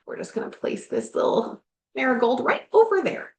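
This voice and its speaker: A woman's voice: sits high, very animated, moderate pace. A woman life coach and podcast host talking frankly and animatedly, now and then swearing, while working on projects in her garage. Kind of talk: candid motivational chat. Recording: roomy echo.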